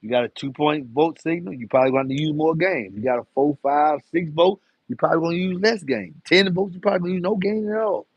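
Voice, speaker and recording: A man hosts a live car audio Q&A in a relaxed, talkative way, teasing viewers as he reads their comments. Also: a little high, fast talker, hardly any pauses, slightly rough, dry recording, dull audio. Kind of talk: casual live-stream Q&A.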